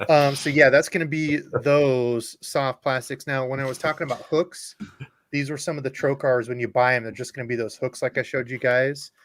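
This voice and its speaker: A man's voice: mid-range voice, steady tone, normal speed. Host, male, mid-range voice, joking and explaining gear, casual. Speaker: host of a live fishing stream. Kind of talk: casual chat.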